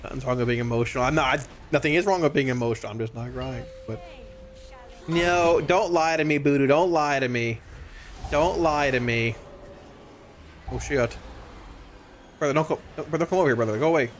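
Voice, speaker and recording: A man streaming a game live, talking casually to his viewers, excitable and stammering, often repeating himself. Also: mid-range voice, fast talker, slight background noise.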